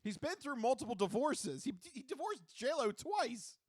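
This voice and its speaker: A man's voice: very high voice, sing-song, moderate pace, darkish tone, dry recording, studio quality. A man co-hosting a podcast in casual chat, easygoing, recapping a news story with many fillers. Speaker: podcast co-host.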